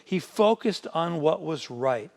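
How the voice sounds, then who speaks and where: Pastor, male, preaching a conversational sermon; gravelly tone, emphatic delivery. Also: fairly high pitch, expressive, slow pace, in a large hall. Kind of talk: midweek sermon with scripture reading.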